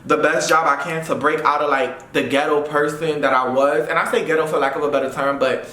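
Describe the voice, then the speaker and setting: A young man from Brooklyn, telling a storytime vlog in an animated way and mimicking the people in it. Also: on the high side, a little fast, echoey room. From Brooklyn, New York. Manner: animated, mimics voices, says blah blah. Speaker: YouTuber. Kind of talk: storytime while getting ready.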